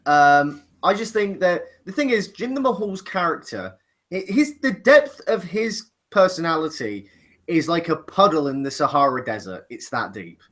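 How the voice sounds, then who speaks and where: A man's voice: fairly high pitch, sing-song, normal speed, a bit bright. A man co-hosting a casual chat, opinionated and joking, often restarting his sentences. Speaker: podcast co-host.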